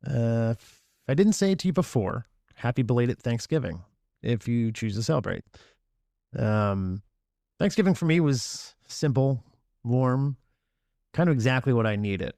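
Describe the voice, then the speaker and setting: A man hosting a podcast, talking in a reflective, unhurried way with frequent fillers and restarts. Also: medium pitch, expressive, dark tone, no room sound, clean studio sound. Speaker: podcast host. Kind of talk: casual podcast monologue.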